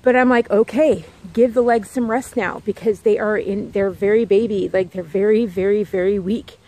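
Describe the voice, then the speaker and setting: A woman's voice: mid-range voice, fairly even intonation, normal speed, mellow. A woman vlogger in a casual, rambling chat, talking outdoors near her home and repeating herself with lots of "like"s.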